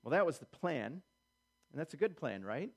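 A male pastor delivering a sermon with a somewhat higher-pitched voice. He jumps into voiced quotations and hammers points home with repetition. His delivery swings between soft asides and forceful declarations. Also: very animated, moderate pace, vocal fry, husky. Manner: preaching with dramatic voiced quotes and emphatic repetition.

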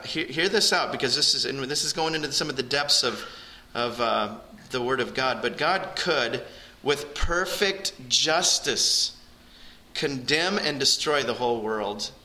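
A man preaching in a church, his voice very bright and ringing. He speaks earnestly and directly to the people in front of him, lifting his pitch and volume to press home each point. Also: rough recording. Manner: earnest, rises in pitch and volume for emphasis, addresses the congregation directly. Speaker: pastor. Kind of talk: sermon.

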